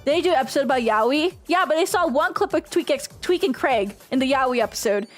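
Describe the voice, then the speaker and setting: A woman's voice: sits high, animated, fairly quick, faint music behind. A woman streamer in casual Q&A chat, ranting passionately and swearing freely. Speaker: VTuber streamer.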